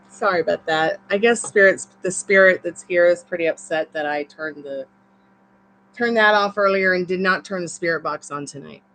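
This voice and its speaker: A woman's voice: on the low side, normal speed, a bit bright, a little hiss or hum, poor audio. A woman with a Southern accent gives a live-streamed tarot reading in a chatty, encouraging, rambling way. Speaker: tarot reader.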